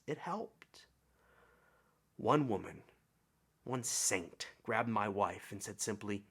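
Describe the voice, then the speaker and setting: A middle-aged man preaching a sermon, telling a personal story with swelling emphasis and soft, hushed drops. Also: lowish voice, big pitch swings, slow, gravelly, long pauses, slightly rough. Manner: reflective storytelling, swells then drops to near whispers. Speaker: pastor.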